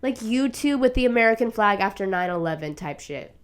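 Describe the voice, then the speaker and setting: A young woman hosting a casual solo talk show, swearing freely and getting emotional, laughing through tears and turning loud and shrill as she gets carried away. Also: expressive, fairly quick, clean tone. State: sick, tearful. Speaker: podcast host. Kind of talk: casual monologue.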